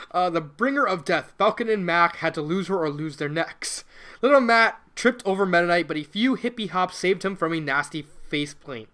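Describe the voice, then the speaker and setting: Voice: medium pitch, expressive, normal speed, bright, forceful tone. A fan fiction reader reading a story aloud casually, breaking off into rambling, giggly commentary.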